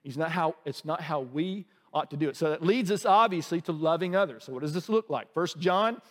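A man's voice: fairly high pitch, lively intonation, fairly quick, a bit bright, long reverb tail. A male pastor preaching a sermon in a church, conversational and humorous, often asking the congregation questions. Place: church sanctuary.

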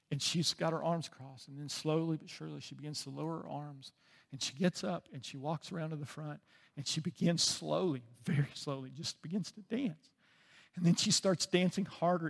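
A man preaching a sermon as pastor, telling a story with deep feeling and often dropping to a soft voice. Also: in a large hall. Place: church sanctuary.

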